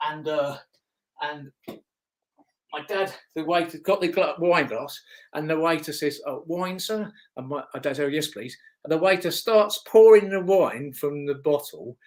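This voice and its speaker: A man's voice: on the high side, normal speed, darkish tone. A middle-aged man, a former motocross racer telling rambling, chatty stories as an interview guest. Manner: rambling, chatty, with restarts and chuckles. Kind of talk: casual anecdotal storytelling.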